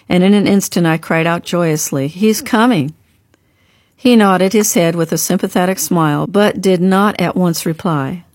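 A woman reading a story aloud in a measured, earnest narration. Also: lowish voice, darkish tone, no room sound. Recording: dry close recording.

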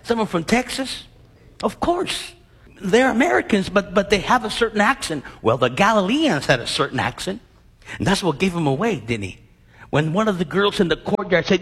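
A man's voice: sits high, very animated, normal speed, fairly bright tone, husky, in a large hall. A man preaching a sermon, acting out Bible scenes and quizzing his congregation with questions.

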